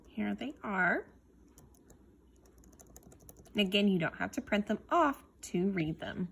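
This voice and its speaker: A woman teacher at home in her living room, explaining a reading activity to parents and reading short texts aloud very slowly and clearly. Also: medium pitch, lively intonation, fairly bright tone. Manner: reads story text very slowly and clearly, sounding out words.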